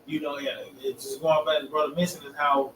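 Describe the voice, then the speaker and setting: A man's voice: on the high side, little pitch movement, a little fast, sharp tone, a little hiss or hum. A man speaks casually about scripture, ending phrase after phrase with "man". The sound is echoey and distant, with faint background ambience. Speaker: group member in scripture discussion. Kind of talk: casual group discussion of scripture.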